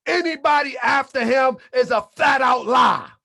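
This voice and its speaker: A man hosting his channel, preaching in a fiery monologue with shouted, repeated lines and colloquial talk, a little under the weather. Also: very high-pitched, normal speed, gravelly. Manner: colloquial, drops into muttered asides. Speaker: channel host.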